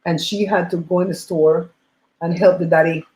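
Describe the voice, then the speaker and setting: A woman hosting a livestream, chatting and telling stories in an animated way while eating at home on a laptop mic. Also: on the low side, moderate pace, echoey room, rough recording. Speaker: host.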